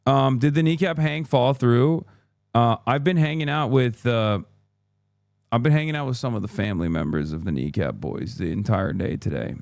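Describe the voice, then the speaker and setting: Male streamer, casual and crude, smooth mid-pitched voice, dry close mic. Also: normal speed, a little mellow, dry recording. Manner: profane, chatty, reads chat aloud. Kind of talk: casual live-stream chat.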